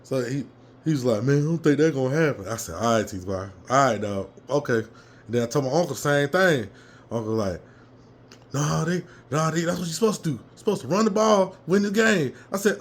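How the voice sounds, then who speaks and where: A man telling a fired-up story from a football game he attended, his voice a little hoarse, swearing freely and jumping into loud reenactments. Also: a little high, brisk. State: slightly hoarse. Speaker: fan commentator. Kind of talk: casual fan rant.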